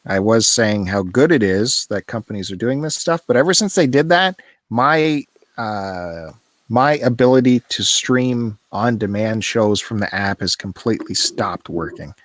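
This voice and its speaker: A man's voice: lowish voice, normal speed, no echo, clean studio sound. A man hosting a podcast, chatting casually and teasing his co-host. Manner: teasing, animated, laughs often. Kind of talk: casual chat.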